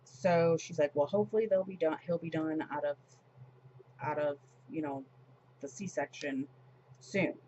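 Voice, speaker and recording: A woman's voice: sits low, steady tone, a little slow, warm tone, dull audio, slight background noise. A woman in her forties chatting casually as she decorates her planner, retelling a story with lots of fillers and restarts. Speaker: planner vlogger.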